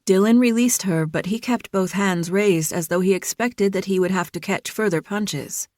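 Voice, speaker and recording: A woman narrating an audiobook thriller in a steady, measured reading. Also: on the low side, no echo, clean studio sound. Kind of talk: scripted narration.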